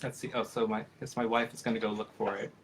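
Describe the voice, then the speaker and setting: A man's voice: fairly low pitch, little pitch movement, fast talker, noisy background. A man in his thirties, a professional puppeteer, answering questions in a casual live video chat and rambling with many fillers and restarts.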